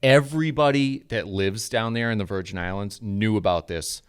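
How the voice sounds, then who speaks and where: A man's voice: lowish voice, moderate pace, smooth. A man in his thirties from New England, telling a casual, profane story as a podcast co-host.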